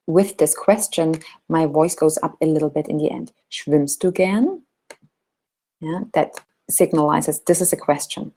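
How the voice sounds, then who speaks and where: Woman, teacher, patient, low voice, slow. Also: dark tone, poor audio. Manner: patient, explains slowly, models German sentences. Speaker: German teacher. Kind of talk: online language lesson.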